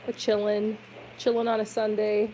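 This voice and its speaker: A woman's voice: medium pitch, monotone, normal speed, dark tone, a little hiss or hum, poor audio. A woman giving a tarot reading on a live stream, talking in a chatty, reassuring way with many "like" fillers. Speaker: tarot reader.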